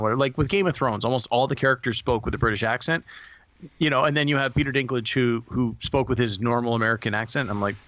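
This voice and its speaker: Podcast guy, talks fast, stumbles and restarts a lot, dry sound. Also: mid-range voice, a bit bright, no room sound. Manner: quick, hesitant, with many restarts and fillers. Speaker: podcast co-host. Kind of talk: casual movie review chat.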